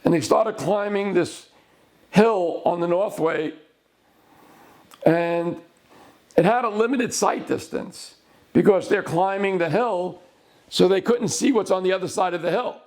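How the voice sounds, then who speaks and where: A middle-aged man with a notably high voice tells the story of a past legal case. He talks in short, deliberate phrases and slows right down to lean on key words. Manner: deliberate, broken into short phrases, with slowed emphasis. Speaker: lawyer.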